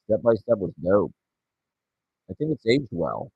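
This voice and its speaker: A man's voice: fairly low pitch, very animated, unhurried, creaky, slightly rough, no room sound, phone-quality sound. A man in his forties rambling and ranting sarcastically and profanely as he hosts his show solo. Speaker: podcast host. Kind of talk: solo casual rant.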